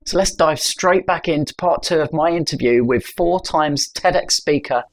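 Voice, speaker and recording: A man, a podcast host, reading a scripted introduction in a smooth, promotional delivery. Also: fairly high pitch, moderate pace.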